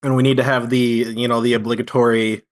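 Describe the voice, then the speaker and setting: Man, mid-pitched voice, easygoing tabletop player, lots of fillers. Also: fast talker. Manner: relaxed, filler-heavy. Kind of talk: casual tabletop game chat.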